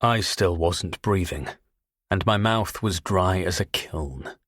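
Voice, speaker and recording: A man narrating a thriller audiobook in the first person, tense and measured. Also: deep voice, a bit bright, no echo, studio quality.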